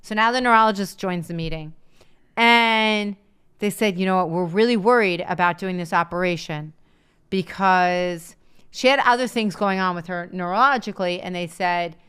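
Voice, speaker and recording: A woman's voice: fairly low pitch, a bit bright, clean tone. A woman, the host's wife, telling a story in a dry, matter-of-fact way on a live show. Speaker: guest, comedian's wife. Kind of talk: casual storytelling.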